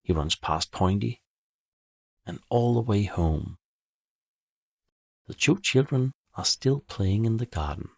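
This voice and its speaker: A man calmly narrating a bedtime story for children in a measured way. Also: fairly low pitch, vocal fry, no echo, clean studio sound.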